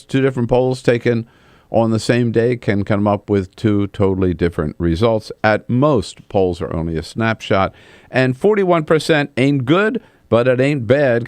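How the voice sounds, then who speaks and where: A man hosting a talk radio show, chatting loosely with fillers as he makes a pledge pitch and takes calls. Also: darkish tone, no room sound.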